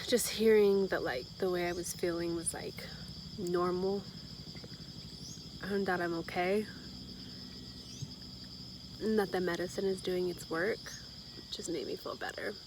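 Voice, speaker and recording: A woman's voice: medium pitch, fairly even intonation, slow pace, pauses often. A young woman talking casually to her camera in a video diary, often dropping to a whisper and saying "like" a lot. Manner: soft-spoken, often whispering, many "like" fillers. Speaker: vlogger. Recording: clear outdoor insect noise.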